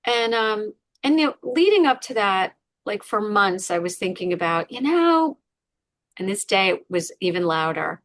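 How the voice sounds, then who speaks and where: A woman's voice: mid-range voice, big pitch swings, moderate pace, no room sound. A woman, a podcast guest, candidly retelling a painful personal story with many fillers. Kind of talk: emotional personal story in an interview.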